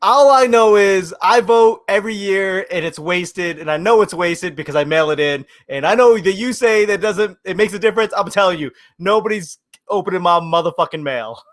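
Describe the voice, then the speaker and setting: A man's voice: high voice, normal speed, fairly bright tone. A man co-hosting a casual comedy podcast, making blunt, short points. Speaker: podcast co-host.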